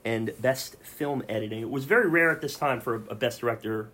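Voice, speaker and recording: A man's voice: medium pitch, a little fast, bright, forceful tone. Joking male podcast host. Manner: reads film facts, jokes with co-hosts. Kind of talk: casual podcast chat.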